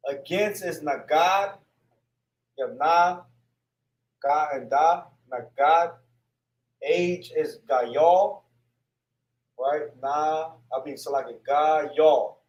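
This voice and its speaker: A man teaching a word list in a casual spoken lesson, sounding out syllables one by one and often asking "right?". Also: a little high. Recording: echoey room sound.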